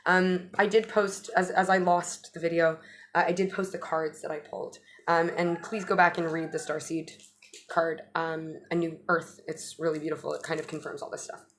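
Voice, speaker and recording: A woman's voice: low voice, level tone, moderate pace, slight background noise. A woman giving a casual astrology update, chatty and loose, restarting phrases and swearing now and then. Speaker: astrologer vlogger.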